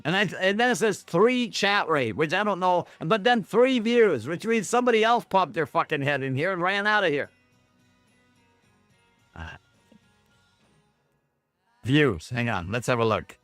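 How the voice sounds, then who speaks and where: A man's voice: sits high, very animated, measured pace, long pauses, fairly bright tone, no room sound, soft background music. A man hosting a rambling livestream from Canada, talking to his chat in a sarcastic, self-mocking way with plenty of swearing. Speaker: livestream host.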